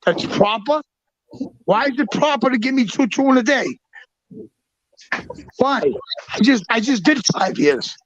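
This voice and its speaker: A man telling rough personal stories in a loud, profane, emphatic way, often restarting his sentences. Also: very high-pitched, animated, unhurried, pauses often, no room sound. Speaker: guest. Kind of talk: casual storytelling. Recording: dull, dry lo-fi sound.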